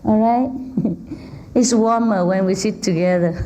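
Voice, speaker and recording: A woman spiritual teacher speaks slowly to a seated audience in a hall, joking and teasing as she goes. Her English is simple and non-native, and her voice is soft and mellow. The recording sounds a little dull. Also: medium pitch. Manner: playful, teasing, laughs often. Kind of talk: informal dharma talk to an audience.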